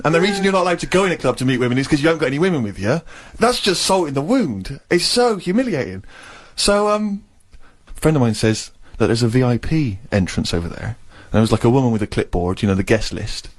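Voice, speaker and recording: Animated man telling a story. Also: a little high. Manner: animated storyteller, self-deprecating. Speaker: radio co-host. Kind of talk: casual radio banter, anecdote.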